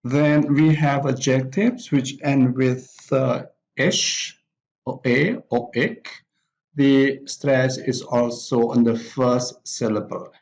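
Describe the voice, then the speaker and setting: A man teaching an English pronunciation lesson, reading out example words one by one with pauses between them. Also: mid-range voice, fairly even intonation, a little mellow, rough recording. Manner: deliberate, pausing after each example word. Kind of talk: slow spoken lesson reading word lists.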